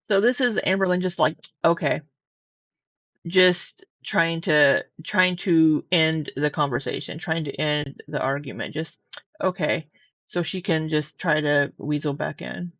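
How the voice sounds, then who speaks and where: A woman's voice: low-pitched, a little slow, hardly any pauses, fairly bright tone, dry recording. Blunt, sleepy woman host reacting. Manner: blunt, swears, repeats herself. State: sleepy, yawning. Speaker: channel host reacting to a clip. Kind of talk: casual reaction commentary.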